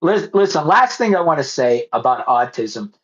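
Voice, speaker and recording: A middle-aged man hosting a podcast in casual chat, excitable and stumbling over repeated words. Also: fairly high pitch, moderate pace. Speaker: podcast host. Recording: muffled lo-fi phone audio.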